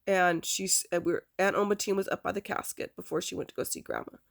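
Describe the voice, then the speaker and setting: Middle-aged woman with a creaky, gravelly voice recounting a personal family memory in loose, rambling speech. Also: lowish voice, quick pace. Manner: rambling, repeats "I said" as she recounts dialogue. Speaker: adopted daughter telling her family history. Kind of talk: casual spoken family story.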